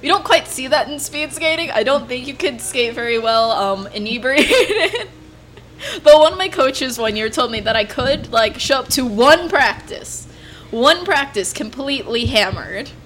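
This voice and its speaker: A woman's voice: high voice, expressive, measured pace, fairly bright tone. A woman who is a speed skater, chatting playfully and giggling often. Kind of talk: casual podcast chat.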